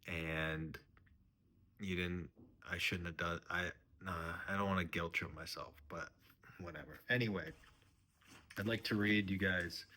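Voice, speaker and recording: A man's voice: low-pitched, sharp tone, slight background noise. A man doing a mock-serious comedy monologue, rambling and earnest, sometimes trailing off to a whisper. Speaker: comedian host.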